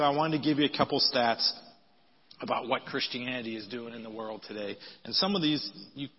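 A man preaching a sermon in a conversational style, reading scripture aloud with lively emphasis. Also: medium pitch, breathy edge. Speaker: pastor. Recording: dull audio with long hall reverb.

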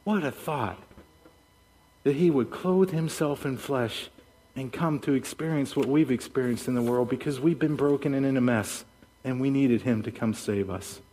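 A man preaching a sermon as pastor, an animated storyteller who acts out voices. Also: medium pitch, moderate pace. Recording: long hall reverb.

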